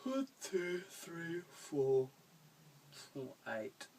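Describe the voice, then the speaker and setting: A man's voice: a little high, sing-song, extremely slow, darkish tone, slight background noise. A young man chatting through viewer questions in a rambling way, chuckling often and swearing casually. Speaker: vlogger answering viewer questions. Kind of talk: casual Q&A video. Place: room at home.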